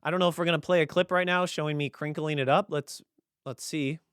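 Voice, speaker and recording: A young man hosting his own podcast, rambling through a casual comedic monologue with deadpan sarcasm. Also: a little high, fast, smooth, no echo, clean studio sound. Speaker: podcast host.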